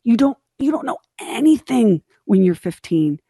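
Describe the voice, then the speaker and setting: A middle-aged woman co-hosting a podcast, telling a story in candid, animated casual chat and acting out the quotes. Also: fairly high pitch, normal speed, slightly rough, no room sound, studio quality. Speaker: podcast co-host.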